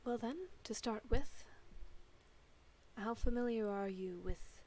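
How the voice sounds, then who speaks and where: A woman's voice: a little high, slow, warm tone, a little hiss or hum. Polite woman player at the table. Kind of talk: tabletop game play.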